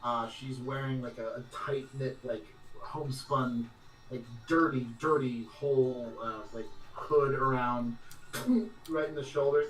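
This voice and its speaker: Bright-voiced man running a tabletop game. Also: medium pitch, echoey room, far from the mic, faint music behind, poor audio. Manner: loose, halting narration with many fillers and laughs. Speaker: game master.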